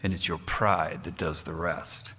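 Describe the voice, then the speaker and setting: A man's voice: sits low, fairly even intonation, unhurried, pushed and bright, breathy edge, big-room sound, exaggerated voice. A man voicing a sly male fox in a rhyming storybook, cool and taunting in manner. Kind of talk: storybook character voice.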